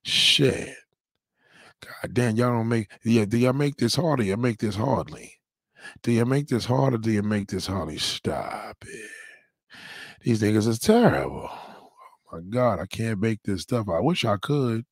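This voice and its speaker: A man hosting a livestream, ranting loudly and profanely, rambling and repeating his catchphrases. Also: on the low side, expressive, a little slow, vocal fry, no echo, studio quality. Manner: loud, rambling, repeats catchphrases, heavy swearing. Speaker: livestream host.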